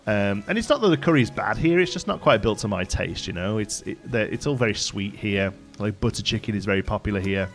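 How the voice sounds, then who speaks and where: A man's voice: on the low side, lively intonation, a little fast, hardly any pauses, fairly bright tone, faint music behind. Chatty man streaming a game. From England, Staffordshire. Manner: rambling, chatty, many fillers and restarts. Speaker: live streamer. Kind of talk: casual chat while gaming, reading chat aloud.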